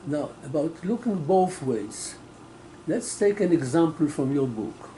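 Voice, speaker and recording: A man in the workshop audience asking the author probing, measured questions. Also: a little high, animated, dark tone, slight background noise, poor audio. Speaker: workshop participant. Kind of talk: question from the floor.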